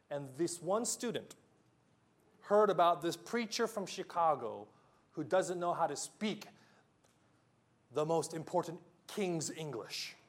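A pastor delivering a sermon, earnest storytelling that slows for emphasis and drops soft on key lines. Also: male voice, on the high side.

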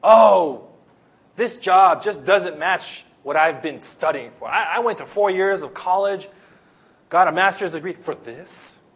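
A man acting out a whiny, entitled foreign worker who complains about his job, with a husky voice. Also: sits high, unhurried, fairly bright tone, voice pushed up, heavily acted. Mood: whining. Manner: complaining, exaggerated whining.

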